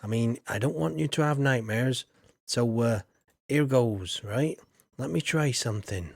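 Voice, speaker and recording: A man's voice: mid-range voice, measured pace, gravelly, no echo, studio quality. Chatty male game streamer. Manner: chatty, reads out and answers viewer comments. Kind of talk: casual live-stream chat.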